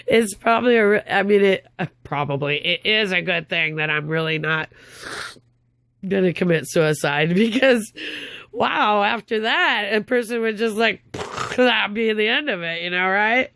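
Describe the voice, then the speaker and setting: A woman's voice: medium pitch, unhurried, fairly bright tone, dry recording. An older woman telling a story in a rambling, upset way, with stumbling restarts and bitter, sarcastic laughs. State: upset, tongue-tied. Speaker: vlogger. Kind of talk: casual storytelling monologue.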